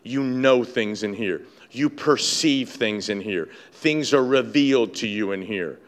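A male pastor preaching a sermon, building to shouted, repeated emphasis and often stammering over his restarts. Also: medium pitch, measured pace.

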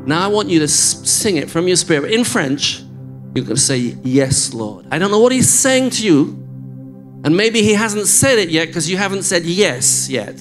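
Older man, high-pitched, guest preacher, enthusiastic, jokey, church congregation. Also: lively intonation, moderate pace, over music. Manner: enthusiastic, chatty, jokes with the congregation. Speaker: guest preacher and worship leader. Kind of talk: sermon with teaching a song.

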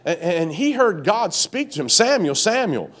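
In a sing-song voice at normal speed, a male preacher narrates a story within his sermon. He stumbles into frequent restarts and leaps into a high pitch to dramatize each scene.

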